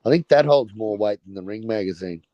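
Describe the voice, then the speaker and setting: A man's voice: fairly low pitch, brisk, dark tone, no echo. A man with an Australian accent talking boxing in casual chat, blunt and swearing freely.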